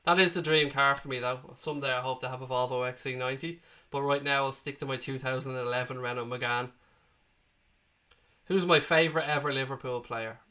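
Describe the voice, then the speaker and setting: Chatty Irish man, bright voice. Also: medium pitch, fairly even intonation, a little fast. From Ireland. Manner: chatty, matey, answers chat questions one by one. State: recovering from being sick. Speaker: football watchalong host. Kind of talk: casual live-stream chat reading viewer comments.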